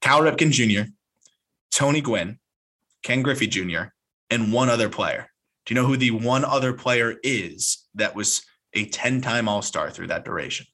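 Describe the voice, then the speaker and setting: A man's voice: medium pitch, lively intonation, moderate pace, pushed and bright. A man hosting a casual interview, upbeat and laughing often as he asks quiz-style questions. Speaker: host, interviewer.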